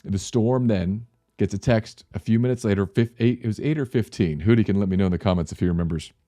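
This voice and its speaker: Middle-aged male pastor, low-ish voice, casual animated vlog storyteller. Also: fast, dry recording, clean studio sound. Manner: animated storyteller, laughs mid-sentence.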